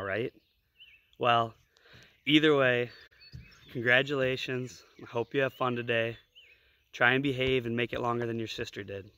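Bright-voiced man teasing in a message. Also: medium pitch, no echo. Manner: teasing, joking. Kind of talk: recorded congratulation message.

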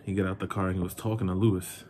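In his breakup vlog, this young New Yorker races through a heated, indignant rant addressed to the viewer. His low, mellow voice shows little pitch movement, with slight background noise behind it.

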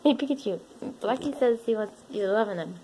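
A woman's voice: medium pitch, lively intonation, a little fast, warm tone, slight background noise, poor audio. Woman coaxing her cat in sing-song. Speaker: cat owner filming her pets. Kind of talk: casual home video.

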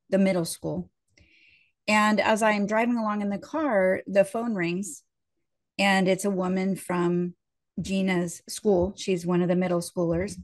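A woman minister telling a personal story during a sermon, in a conversational way and acting out the voices of the people in it. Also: medium pitch.

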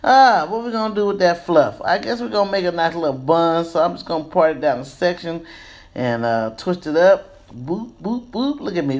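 A woman in her fifties giving a casual, playful hair tutorial, breaking into excited squeals. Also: lowish voice, fast. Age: 50s. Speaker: beauty vlogger.

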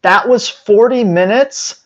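A man's voice: sits high, lo-fi sound. A man giving dog training advice straight to his viewers in an emphatic way, now and then acting out owners and dogs. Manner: emphatic, acts out owners and dogs in quick voices. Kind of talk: direct-to-camera training advice.

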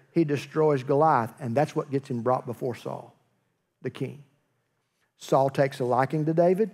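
A man's voice: on the high side, darkish tone. Storytelling pastor, man. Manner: storytelling, acts out dialogue, joking asides. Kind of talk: sermon.

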